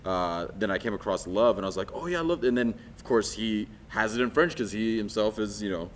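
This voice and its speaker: A man, a stage actor, telling in a casual talkback how he picked his song, animated and storytelling. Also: on the low side, slight background noise. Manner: animated storytelling, fast talker.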